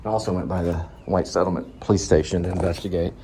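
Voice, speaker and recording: A man's voice: deep voice, steady tone, fast, dark tone, a little hiss or hum. A man talking casually and angrily while driving, rambling and repeating himself in a ranting monologue. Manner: angry, rambling, repetitive. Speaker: vlogger, delivery driver. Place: in a car.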